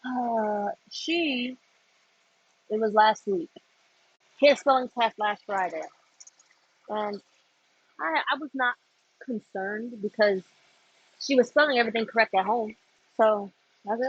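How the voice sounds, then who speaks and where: A young woman from Florida hosting a late-night livestream, chatting and telling animated stories as she works. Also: a little high, unhurried, pauses often, breathy edge, dry recording, lo-fi sound. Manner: animated storytelling with laughs. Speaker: livestream host. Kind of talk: casual chat while working.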